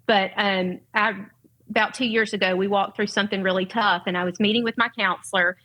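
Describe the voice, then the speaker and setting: A woman's voice: medium pitch, steady tone, a little fast, sharp tone, low-quality recording. A middle-aged woman with a Southern US accent, speaking earnestly and from the heart as a guest on a podcast. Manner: earnest, heartfelt, faith-centered. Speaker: guest, parent and educator. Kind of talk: podcast conversation.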